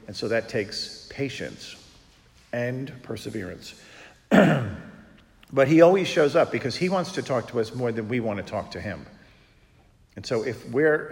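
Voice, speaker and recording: Priest teaching in a reverberant hall. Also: male voice, mid-range voice. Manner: conversational, teaching with anecdotes and impressions. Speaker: Catholic priest. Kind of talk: teaching talk on prayer. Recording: long reverb in a large hall.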